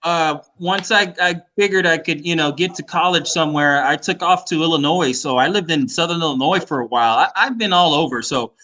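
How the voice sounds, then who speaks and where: A man chatting casually as a guest, talking in a rambling, halting way. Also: fairly high pitch, pushed and bright, poor audio. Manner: rambling, halting, many restarts. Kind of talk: casual chat.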